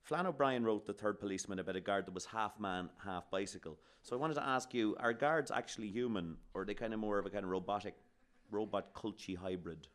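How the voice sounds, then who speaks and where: A man's voice: fairly low pitch, fast. An Irish man hosting a talk show, asking playful questions. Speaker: host. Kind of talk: casual chat.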